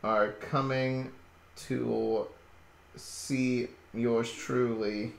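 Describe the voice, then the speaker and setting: A man hosting a casual late-night stream chat from home, rambling and jokey with halting restarts. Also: mid-range voice, flat delivery, gravelly. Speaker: stream host. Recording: roomy echo.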